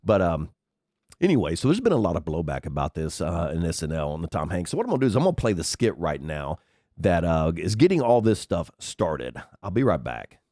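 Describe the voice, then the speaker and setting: His voice deepened unusually by a cold, a sniffling, congested podcast host rambles through a chatty commentary monologue in a sing-song, fairly quick delivery with a darkish tone. He swears freely into a headset mic, with clean studio sound and no echo.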